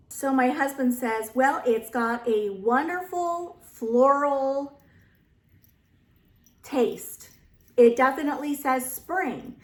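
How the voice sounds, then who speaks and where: A woman vlogger telling a story in a chatty way, acting out what others said. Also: a little high. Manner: chatty, acts out quotes of others. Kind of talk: casual storytelling. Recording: echoey room.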